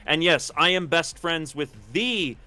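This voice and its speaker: A man with a bright, forward voice chatting on a gaming podcast. He rambles and pokes fun at himself, stumbling over his first words before his thought takes shape. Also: fairly high pitch, unhurried, clean tone. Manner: rambling, self-deprecating, repeats words when starting a thought. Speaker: podcast co-host, gaming content creator. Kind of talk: casual podcast chat.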